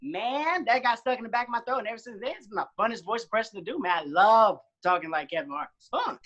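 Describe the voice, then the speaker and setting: A young man in his twenties, a podcast guest, telling animated stories and acting out his own quotes in casual chat. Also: high voice, fast, highs cut off. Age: 20s.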